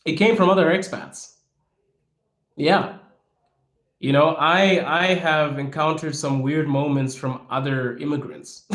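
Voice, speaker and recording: A young man from Africa talks frankly and with animation, answering questions on his podcast. His voice sits a little high for a man, and he laughs often. The room around him is echoey. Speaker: podcast host. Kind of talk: casual Q&A talk.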